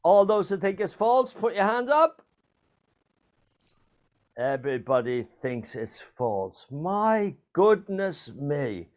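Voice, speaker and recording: A man's voice: sits high, sing-song, slow, a little mellow. An older man hosting a playful true-or-false quiz over a video call, teasing his guests and laughing often. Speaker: quiz host.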